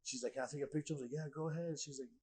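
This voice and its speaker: Animated young guy telling a story. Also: fairly high pitch, very fast, breathy edge, rough recording. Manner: animated, acts out quoted dialogue, swears freely, heavy filler "like". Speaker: podcast guest. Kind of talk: casual storytelling.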